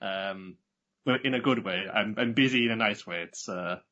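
A man's voice: fairly low pitch, moderate pace. A man co-hosting a podcast, talking casually about an anime and acting out characters' lines. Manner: relaxed, acts out characters' lines. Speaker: podcast co-host. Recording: slightly dull lo-fi recording.

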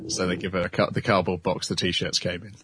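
A man's voice: low voice, little pitch movement, brisk, bright, forceful tone, breathy edge. A man hosting a casual podcast, recapping an anime episode with frequent laughs. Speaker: podcast host.

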